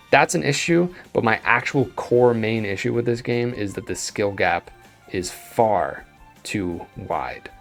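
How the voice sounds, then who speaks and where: Young guy ranting about games, low voice, opinionated, faint music behind. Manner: animated, opinionated, acts out his reactions. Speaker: video game reviewer. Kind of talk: tier list commentary.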